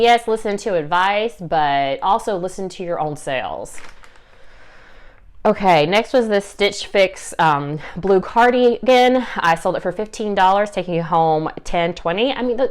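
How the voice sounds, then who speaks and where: A woman's voice: fairly low pitch, animated, moderate pace, clear, resonant tone. A young woman with a Southern US accent, chatting casually to camera about her resale sales, upbeat and full of fillers and small laughs. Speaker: reseller vlogger.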